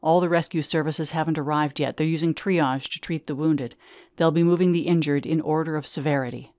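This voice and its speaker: A woman voicing a matter-of-fact male paramedic who speaks in clipped, hurried phrases during a memoir reading. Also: sits low, steady tone, a little mellow, dry recording, clean studio sound, close to an everyday voice. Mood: firm.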